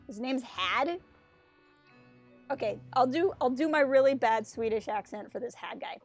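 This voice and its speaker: A woman's voice: fairly high pitch, moderate pace, faint music behind. A woman streaming a story game, reading its text aloud and joking about it in casual, self-mocking chat.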